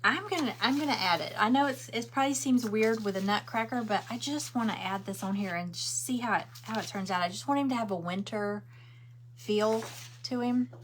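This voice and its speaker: Briskly and at a fairly high pitch, a middle-aged woman rambles through a craft livestream from home, answering viewer comments while crafting. A little hiss or hum runs under the audio.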